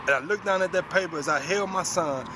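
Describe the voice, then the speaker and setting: A man in his forties tells a personal story to an audience, speaking plainly and mixing in street slang. His voice sits a little higher than most men's. Steady background noise runs under the recording. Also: brisk. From United States.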